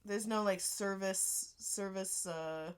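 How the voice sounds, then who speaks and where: A woman playing a tabletop game, chatty and quick with asides. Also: medium pitch, fairly even intonation, clean tone. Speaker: player. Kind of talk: casual tabletop game chat.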